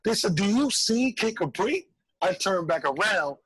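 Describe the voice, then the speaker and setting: A man, a comedian telling an animated story on a call-in show, acting out voices. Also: sits high, moderate pace, breathy edge, dry recording, low-quality recording. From Brooklyn, New York. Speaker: comedian guest.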